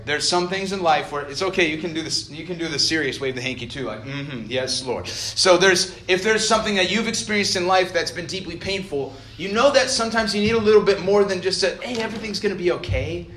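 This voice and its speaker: A young man from Idaho gives a relaxed storytelling sermon to a college crowd, chatty and self-deprecating. His voice sits a little high and sounds bright and forceful, carried by a roomy echo with a faint hum of ambience behind it. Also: quick pace, hardly any pauses. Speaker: college ministry director preaching. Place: college meeting hall. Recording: echoey hall.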